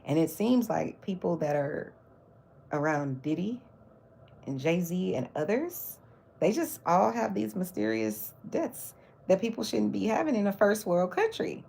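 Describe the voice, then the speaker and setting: A woman's voice: mid-range voice, big pitch swings, measured pace, vocal fry, darkish tone, breathy edge. A woman hosting her own livestream, chatting casually about celebrity gossip with mocking asides. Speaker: livestream host.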